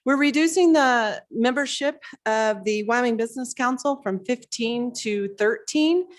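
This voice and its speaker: Woman, out of breath, fairly high voice, halting with fillers, formal floor speech. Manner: hesitant with fillers. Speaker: legislator presenting a bill. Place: legislative chamber.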